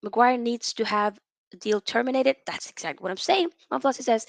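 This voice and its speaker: Woman, slightly high voice, gravelly fry, dry close sound, blunt opinionated livestream host. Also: animated, brisk, no echo, poor audio. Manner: blunt and opinionated, with casual slang. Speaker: host reading viewer comments. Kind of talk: casual livestream chat.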